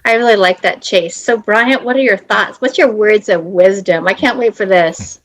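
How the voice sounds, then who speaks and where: A woman's voice: medium pitch, normal speed, rough recording. A woman hosting a podcast interview, effusive and emotional as she praises her guests. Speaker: podcast host.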